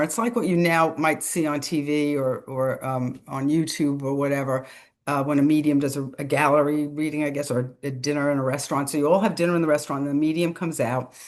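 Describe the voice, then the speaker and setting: A middle-aged woman, a guest on a talk show, telling a personal story in a casual, animated way, acting out the voices of the people she quotes and laughing between phrases. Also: deep voice. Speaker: podcast guest, author.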